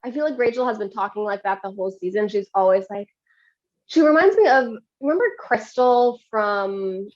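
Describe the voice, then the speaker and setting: A woman's voice: mid-range voice, normal speed, darkish tone, muffled recording. A woman hosting a podcast, chatting casually with many fillers. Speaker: podcast host. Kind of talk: casual chat.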